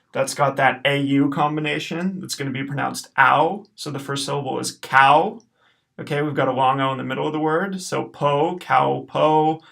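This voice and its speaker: Patient, gravelly male Latin teacher. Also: mid-range voice, a bit bright. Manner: patient, repeats each word slowly and clearly. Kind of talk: recorded pronunciation lesson.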